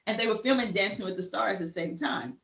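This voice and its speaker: A woman guest in a casual chat, talking fast and animatedly as she tells a story. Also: mid-range voice, vocal fry, a bit bright. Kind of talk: casual chat, telling an anecdote. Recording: roomy, slightly dull sound.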